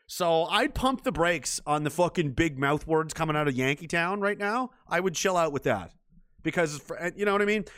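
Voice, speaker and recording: Male streamer, slightly high voice, dry close sound, mocking and profane news rant. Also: fairly bright tone, clear, resonant tone, no echo. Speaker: political commentary streamer. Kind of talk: ranting commentary on news.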